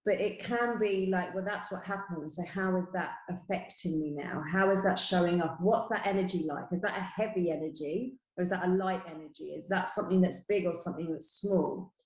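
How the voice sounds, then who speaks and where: A woman's voice: lowish voice, fairly quick, few pauses, darkish tone, roomy sound, low-quality recording. A middle-aged woman with a London accent, explaining her spiritual work earnestly as an interview guest, with many "you know" asides.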